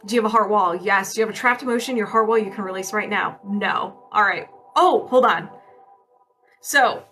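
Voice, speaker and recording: Bright upbeat woman energy healer. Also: medium pitch, fairly quick, faint music behind. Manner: upbeat and chatty, asks and answers her own yes-no questions. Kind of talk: casual livestream healing session.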